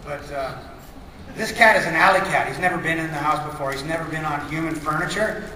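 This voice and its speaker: Man pitching a cartoon on stage, animated storyteller, high-pitched, recorded from far back in a reverberant hall. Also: fairly quick. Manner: animated, acts out scenes. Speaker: cartoon creator pitching a show. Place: large convention hall. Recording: echoey hall from far off, noisy.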